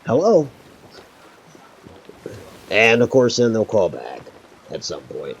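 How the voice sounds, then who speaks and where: A man's voice: fairly low pitch, very animated, unhurried, gravelly, highs cut off, a little hiss or hum. A man streaming a pirate game, chatting casually with a friend, joking, swearing freely and laughing often. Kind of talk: casual chat while gaming.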